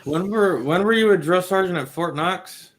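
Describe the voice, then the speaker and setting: A man's voice: high-pitched, moderate pace. A man in his thirties, an army veteran, chatting casually and hesitantly as he tries to recall details. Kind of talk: casual chat.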